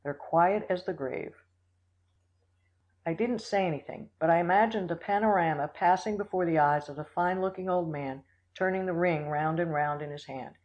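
An audiobook reader narrating a classic story in a steady, measured way. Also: medium pitch, dull audio. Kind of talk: scripted narration.

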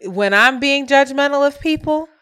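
A woman co-hosting a podcast in casual chat, emphatic and playful, with quick asides. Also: sits high, a bit bright. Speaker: podcast co-host.

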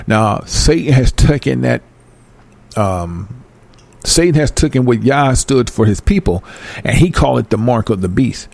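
A man reading scripture aloud and breaking into fervent, emphatic commentary, talking excitedly like a Bible teacher. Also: mid-range voice, gravelly. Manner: reads verses then breaks into fervent commentary; emphatic, animated, apologizes for going fast. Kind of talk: excited scripture study talk.

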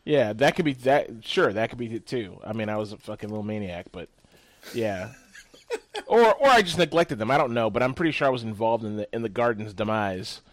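A man's voice: lowish voice, expressive, a little fast. A man in casual podcast chat, rambling and profane, jumping between stories.

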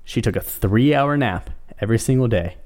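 A man co-hosting a casual chat show, relaxed and chatty, passing along strange news stories. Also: mid-range voice, brisk. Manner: relaxed storytelling, sharing odd news stories. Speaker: podcast co-host.

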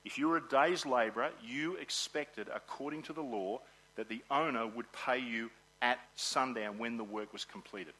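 Bright-voiced preacher. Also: male voice, medium pitch, low-quality recording. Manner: animated, acts out grumbling workers. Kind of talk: sermon.

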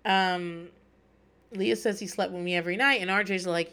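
A woman's voice: on the low side, fairly even intonation, moderate pace, bright, forceful tone. A woman in her thirties hosting a podcast, recapping a reality show in a chatty, profane, wry way. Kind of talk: casual solo recap chat.

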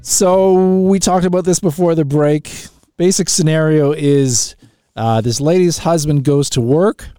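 Chatty male radio host, mellow and dry. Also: fairly high pitch, a little slow, smooth, dry recording, soft background music. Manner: chatty, laughs often, restarts phrases. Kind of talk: call-in radio talk.

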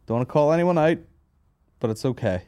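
A man's voice: a little high, animated, a little fast, a little mellow, clean tone, no echo, studio quality. A man hosting a comedy podcast, telling rambling, sweary stories and laughing at his own jokes. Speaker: podcast host. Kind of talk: casual comedy podcast banter.

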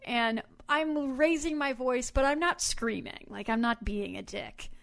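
A woman co-hosting a podcast, telling a story in a casual, animated and emphatic way. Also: on the high side, unhurried, vocal fry. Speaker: podcast co-host. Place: lives in Houston area.

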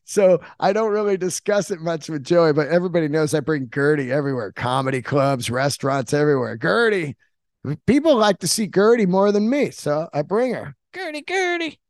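A man's voice: fairly high pitch, a little fast, no echo, clean studio sound. A man hosting a podcast, rambling casually and enthusiastically with frequent swearing and filler words. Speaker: podcast host. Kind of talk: casual monologue.

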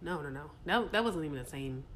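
A woman's voice: low-pitched, fast, slight background noise. A woman co-hosting a casual chat, telling stories with lots of laughter and acted-out quotes. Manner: animated, laughs often, acts out quotes. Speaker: podcast co-host.

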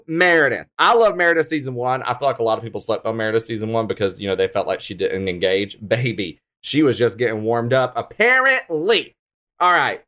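An animated, sassy man with a twang hosts a podcast of casual gossip commentary. He swears freely and slips into shrill impressions.

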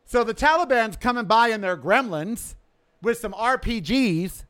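A man hosting his podcast, delivering a sarcastic, ranting political monologue that swings from loud outbursts to low mutters. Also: expressive, measured pace, clear, resonant tone. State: coughing from smoke in throat. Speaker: podcast host. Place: outdoors.

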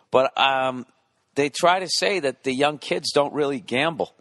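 A man's voice: mid-range voice, dry recording, studio quality. A man in his forties doing a rambling, profane comedic monologue, often interrupting and correcting himself. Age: 40s.

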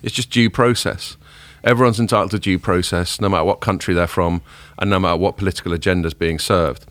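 A man with a deep, low voice hosts a casual tech podcast. He talks in a relaxed, opinionated way. The sound is close and dry, with no room echo. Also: fairly quick. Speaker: podcast host.

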